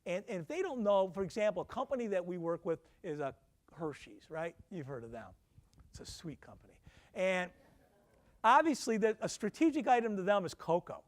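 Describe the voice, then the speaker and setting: A middle-aged professor lecturing alumni in a slightly high voice. He keeps it conversational, tossing questions at the audience and slipping in self-deprecating asides. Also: very animated, a little fast.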